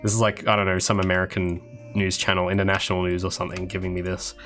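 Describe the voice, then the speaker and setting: A deep-voiced Australian game developer livestreams while working, chatting casually with viewers over background music. His delivery is quick and monotone, full of restarts and rambling asides.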